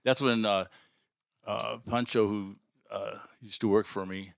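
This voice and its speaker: An older man, guest on his son's podcast, telling halting anecdotes with many pauses. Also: fairly low pitch, fairly even intonation, gravelly, no echo, clean studio sound. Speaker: podcast guest, host's father. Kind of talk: casual family chat.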